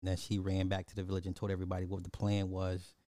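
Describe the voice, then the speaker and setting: A man giving a blunt, animated movie review in casual chat, talking straight to his viewers. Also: deep voice, fast talker, no room sound, studio quality.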